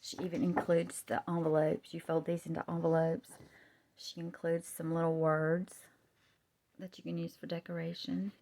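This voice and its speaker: Low-voiced gushing woman, half-whispered. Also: completely flat delivery, moderate pace. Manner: gushing, often softly whispering. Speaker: craft vlogger. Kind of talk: show-and-tell craft vlog. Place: home, husband in another room. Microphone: camera held close up.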